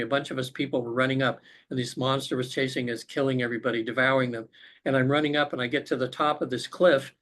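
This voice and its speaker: Guy on a podcast call telling a deep personal story, earnest and reflective, mid pitch voice. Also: a bit bright. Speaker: podcast guest, author. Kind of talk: recounting a personal spiritual experience. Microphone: remote call connection.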